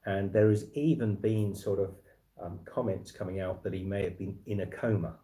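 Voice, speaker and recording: A man's voice: low-pitched, moderate pace, dark tone. A man hosting a casual livestream, talking in a rambling way with many restarts and fillers. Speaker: livestream host.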